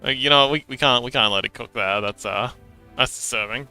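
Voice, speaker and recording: Bright lively guy streaming, chatty, stammers and giggles, soft music behind. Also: medium pitch, brisk. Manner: chatty, reads chat aloud, frequent giggles and stammered restarts. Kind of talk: casual livestream chat.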